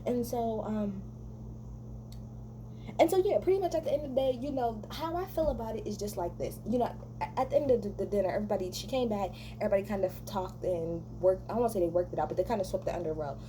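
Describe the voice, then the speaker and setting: Angry woman vlogger, mellow dark voice, cursing rant, faint hum behind. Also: medium pitch, fast talker. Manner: profane, heated, sarcastic mimicking. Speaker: reality TV recap vlogger. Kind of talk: angry ranting recap.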